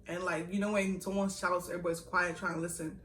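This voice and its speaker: Young woman, casual storytelling, bright tone, roomy echo, slightly distant mic. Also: on the low side, fast. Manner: animated, laughing, full of asides. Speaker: vlogger. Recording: echoey room, a little far from the mic.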